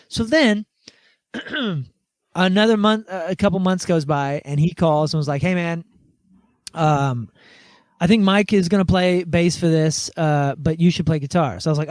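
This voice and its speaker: A man guest on a podcast, telling a story in a casual, animated way and acting out the quoted conversations. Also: a little high, no room sound.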